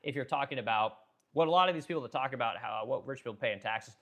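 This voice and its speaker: A man's voice: mid-range voice, quick pace, a bit bright. A man hosting a livestream, talking bluntly and profanely in a rambling way, full of restarts, as he reads chat comments. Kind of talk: casual opinionated livestream talk.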